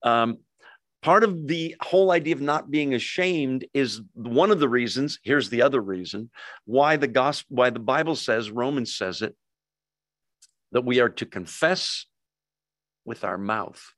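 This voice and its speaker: A man preaching a sermon in a conversational way, joking and speaking straight to his congregation, swinging between emphatic and hushed lines. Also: medium pitch, expressive, unhurried, no echo, studio quality. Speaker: pastor.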